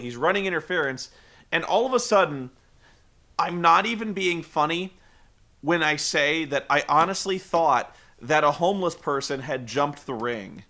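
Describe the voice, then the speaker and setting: A man recapping a wrestling show in loose, profane talk that keeps stumbling over itself. His voice sits a bit high and sounds very bright. He rambles on with frequent restarts. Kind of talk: casual recap commentary.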